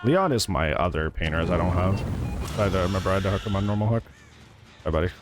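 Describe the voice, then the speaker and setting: Over a noisy background, a gaming streamer with a deep voice talks fast and animatedly while playing live. He chats casually with viewers, greets the chat, and reacts and laughs often as the match unfolds.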